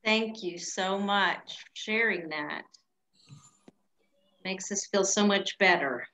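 A woman speaking gently and thankfully on a video call. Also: medium pitch, slow.

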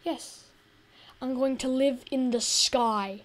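Woman gaming host, high and slow-spoken, talks through her play with a grumbling, chatty tone. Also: steady tone. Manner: chatty and easily exasperated. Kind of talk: casual gameplay commentary.

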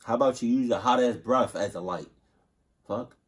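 A man hosting a reaction video, talking in animated, profane, slangy banter. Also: medium pitch, normal speed, a little hiss or hum. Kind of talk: casual reaction commentary.

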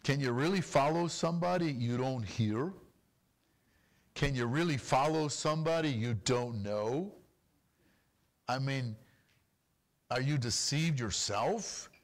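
A man preaching a sermon as pastor, animated and full of rapid rhetorical questions. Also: mid-range voice.

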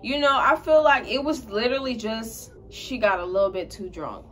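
Animated young woman telling a story. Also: fairly high pitch, normal speed. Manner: animated, swears freely, laughs while telling. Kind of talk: casual storytime chat.

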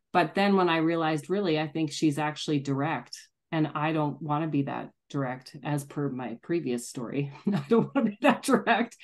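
A middle-aged woman telling a personal story in a candid, self-deprecating way, laughing often. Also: sits low. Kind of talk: casual reflective storytelling.

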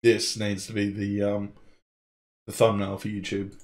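A man's voice: lowish voice, completely flat delivery, unhurried. A man doing casual let's play commentary, sarcastic and crude, swearing freely and a bit tipsy.

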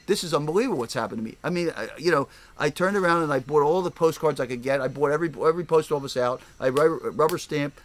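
An older record store owner from the Philadelphia area in the US tells rambling stories in a casual interview, animatedly acting out the voices of people he quotes. His voice is a little high and fast, with hardly any pauses.

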